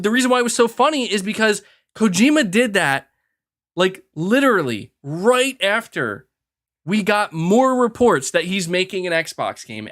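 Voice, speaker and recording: A man hosting a gaming podcast, talking in a casual, animated rant and acting out quoted people. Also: very high voice. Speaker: podcast host.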